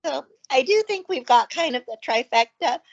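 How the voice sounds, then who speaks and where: A fairly high-voiced woman tells her ranch stories in a rush of ums and excited asides. She sounds like a guest on a call, and the audio is dull and lo-fi. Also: moderate pace, slightly rough. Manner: chatty, excitable storyteller with many fillers. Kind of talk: casual chat.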